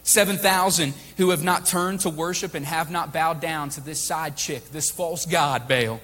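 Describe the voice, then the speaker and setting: A young adult man preaching a sermon to a church, earnest, swinging from loud emphatic peaks to soft quiet lines. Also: fairly high pitch, steady tone, measured pace, faint music behind. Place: church sanctuary. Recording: long reverb of a hall.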